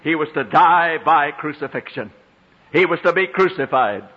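A man preaching a sermon, swinging between hushed low phrases and high ringing exclamations, drawing out scriptural lines in old-fashioned diction. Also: lively intonation, normal speed. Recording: long hall reverb, dull lo-fi sound.

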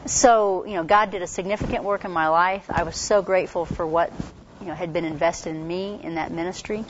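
A woman with a congested voice giving a casual workshop talk on campus ministry, chatty and quick, full of fillers and restarts. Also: fairly low pitch, fairly even intonation, slight background noise. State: congested from a cold. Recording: dull lo-fi recording.

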